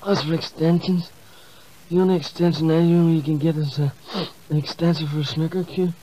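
A man's voice: on the high side, fairly even intonation, a little fast, mellow, natural voice. A man doing a drunken snooker player. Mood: crude. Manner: rambling, crude, slurred. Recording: muffled comedy CD.

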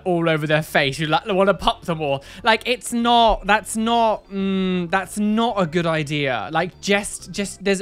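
A woman's voice: medium pitch, clean tone. A woman doing casual reaction commentary as a YouTuber, exclaiming and laughing with slangy asides. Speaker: YouTuber reacting to tattoo photos.

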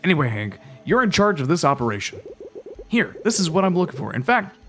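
A man's voice: fairly high pitch, very animated, brisk, a bit bright, pitched above the performer's own voice. A man voicing a strict but caring mother animal in a game, with a put-on Brooklyn accent and a firm, instructing manner. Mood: firm motherly.

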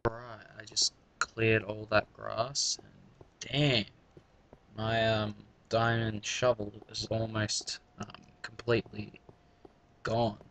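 A man's voice: fairly low pitch, little pitch movement, slow, a bit bright, a little hiss or hum. A man giving casual gameplay commentary, rambling through mumbled asides to his viewers. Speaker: let's play gamer.

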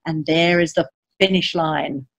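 A woman, a children's author, reading a picture book aloud to children as an animated storyteller, reciting rhyming verse and asking her listeners questions. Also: low-pitched, unhurried, noisy background. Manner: reads rhyming verse in lively sing-song.

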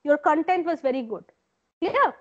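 Female lecturer, Indian English accent, high pitch, insistent and repetitive, dull online-call sound. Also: very animated, normal speed. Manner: corrective, repeats points. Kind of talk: online class feedback. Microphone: video call.

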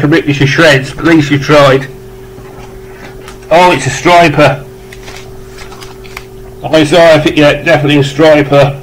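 A man's voice: on the high side, a little hiss or hum, low-quality recording. A British man casually chatting on camera as he unboxes records, rambling and effusive with joking asides. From United Kingdom.

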